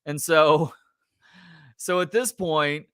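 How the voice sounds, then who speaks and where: Exasperated animated male show host. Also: fairly high pitch, very slow, clear, resonant tone, no room sound, studio quality. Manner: animated, exasperated storytelling with profanity. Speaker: sports talk show host. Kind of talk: casual storytelling on a live show.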